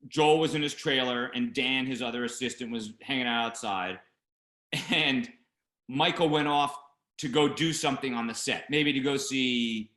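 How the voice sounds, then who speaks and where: A man with a bright, forceful voice spins a story in a casual interview, jumping into loud, acted-out quotes of the people in it. The room around him rings with echo. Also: medium pitch. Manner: animated anecdote teller, acts out shouting voices. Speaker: film producer, interview guest.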